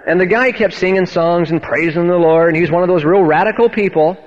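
A man's voice: high voice, fast talker. A man preaching and telling his own testimony, earnest and emphatic, often restarting his words. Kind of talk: sermon with personal testimony. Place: church hall. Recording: dull, echoey church hall, radio-style.

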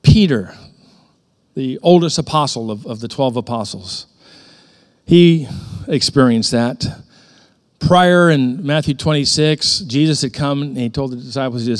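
A man's voice: medium pitch, unhurried. A middle-aged male pastor preaching a sermon in a conversational storytelling way, with sudden emphatic rises in his voice.

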